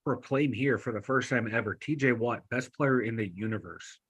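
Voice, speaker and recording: A Pittsburgh man co-hosting a sports podcast, his voice bright and forceful with a husky edge. He rambles excitedly, tossing out jokes and swear words and restarting his sentences as he goes. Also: medium pitch, normal speed. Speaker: podcast co-host. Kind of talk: casual sports banter.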